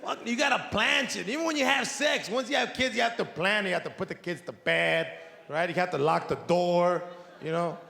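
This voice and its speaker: A man's voice: high-pitched, brisk, creaky. A middle-aged man doing a stand-up comedy routine on stage, swearing freely and acting out his family's voices. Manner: profane, animated, acts out voices of family. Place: comedy stage before a live audience. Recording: echoey hall with audience.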